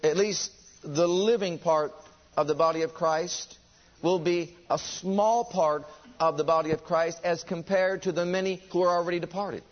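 A man's voice: on the high side, fairly even intonation, moderate pace, highs cut off. A man preaching a sermon, driving his points home with rhetorical questions and emphatic repetition.

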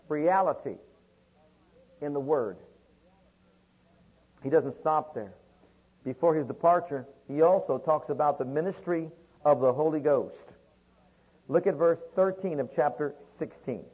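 With a slightly high, husky voice, lively intonation and a moderate pace, a preacher reads lengthy scripture in King James language. He addresses his listeners as beloved, and the recording's highs are cut off.

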